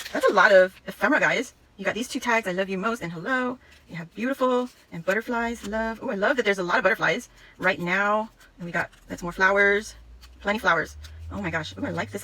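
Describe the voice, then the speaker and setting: Bright-voiced gushing woman vlogger. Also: medium pitch, a little hiss or hum. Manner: gushing, excitable, laughs often. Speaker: vlogger showing a craft haul. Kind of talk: casual unboxing chat.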